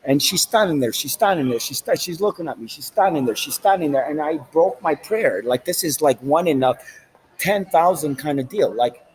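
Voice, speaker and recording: A man's voice: on the high side, animated, moderate pace, rough recording. A man vlogging in a rambling, profane monologue with street slang, recorded on a handheld phone inside a large train station.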